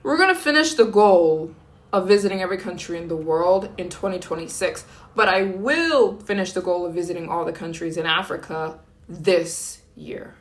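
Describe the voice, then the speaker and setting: A woman's voice: lowish voice, expressive, moderate pace. A young American woman chatting casually on a live stream, greeting and thanking viewers as they join. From United States. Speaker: travel vlogger live streaming.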